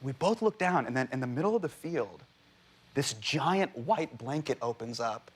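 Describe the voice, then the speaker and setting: Animated man telling a comic story. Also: medium pitch, husky. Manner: acts out voices in quoted dialogue, fast and playful. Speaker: comedian guest. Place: television studio with a live audience.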